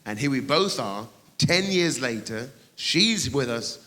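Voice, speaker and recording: A man doing a stand-up comedy set on a theatre stage, teasing the audience and bursting into shouted high voices. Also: animated, slow pace. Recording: reverberant hall with loud audience noise.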